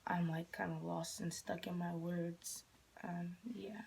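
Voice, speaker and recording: A young woman from Michigan telling a story in a casual vlog, rambling, often dropping to a whisper and jumping up in pitch when she quotes herself. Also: little pitch movement, a little slow, vocal fry, darkish tone. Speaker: vlogger.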